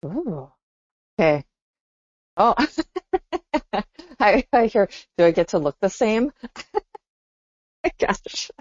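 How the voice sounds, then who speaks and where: A woman's voice: medium pitch, very animated, very slow, pauses often, no room sound. A woman co-hosting a podcast, talking in a reflective, exclamatory way. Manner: reflective, exclaims and laughs often. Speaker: podcast co-host. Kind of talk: casual chat. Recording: dull dry lo-fi sound.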